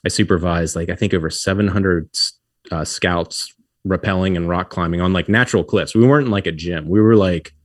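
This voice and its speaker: A man's voice: deep voice, brisk, no echo, studio quality. A middle-aged man, a podcast guest, telling stories in a casual way, acting out what people said and laughing often. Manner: animated, acts out quotes, laughs often. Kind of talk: casual storytelling.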